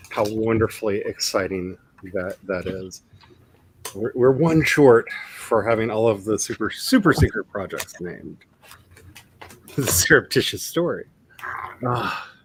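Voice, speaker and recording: A man's voice: fairly low pitch, noisy background. Chatty man hosting a writing stream. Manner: rambling, chuckling, reads chat comments aloud. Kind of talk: casual live-stream chat.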